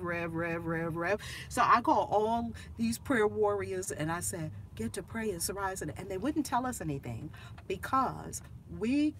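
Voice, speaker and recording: A woman hosting her channel as a minister, telling a family story in casual chat, animated and laughing, acting out the voices of the people in it. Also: medium pitch, slight background noise.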